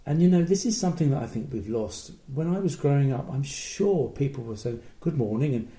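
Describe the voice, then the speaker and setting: Gravelly guy rambling on a podcast, very dark tone, echoey room. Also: mid-range voice, lively intonation, a little fast. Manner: musing, rambling, with restarts. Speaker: podcast co-host. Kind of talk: casual chat.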